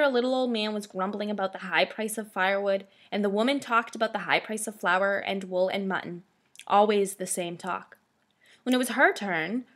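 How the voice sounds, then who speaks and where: A woman reading a children's chapter book aloud as narrator, in a steady, expressive way. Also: mid-range voice. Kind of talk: storybook read-aloud.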